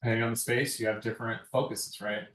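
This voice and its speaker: A man's voice: medium pitch, level tone, fast talker, a bit bright. A man giving a conversational lecture on lighting design, often tagging his points with a questioning "right?". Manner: conversational, keeps asking "right?". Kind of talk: classroom lecture. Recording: echoey room, far from mic.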